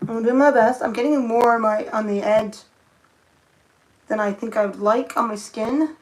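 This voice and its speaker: A woman's voice: a little high, steady tone, normal speed, poor audio. A young woman chatting casually on a live stream as she paints her nails, thinking aloud and muttering to herself. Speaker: nail art streamer.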